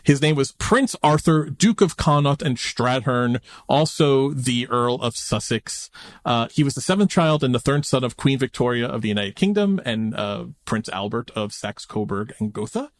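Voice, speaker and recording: A man's voice: medium pitch, animated, normal speed, no room sound, studio quality. A man co-hosting a podcast in casual chat, good-humored and teasing, who explains things at length. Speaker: podcast co-host.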